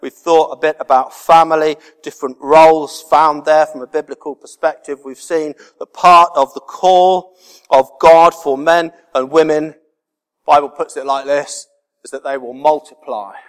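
A man's voice: fairly high pitch, steady tone, normal speed, clear, resonant tone. A man preaching a sermon as pastor, earnest and repeating key words for emphasis. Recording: reverberant hall.

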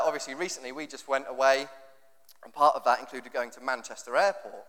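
Long reverb from a hall surrounds a man whose voice sits on the high side and sounds fairly bright. He's an English pastor giving a jokey, conversational sermon, often acting out the things people say.

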